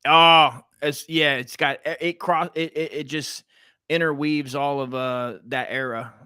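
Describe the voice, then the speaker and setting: An American man co-hosting a comedy podcast, his voice sitting a little high. He rambles through casual chat, curses freely and often trails off before finishing a thought. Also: steady tone, a little slow, sharp tone, clean tone. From United States. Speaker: co-host.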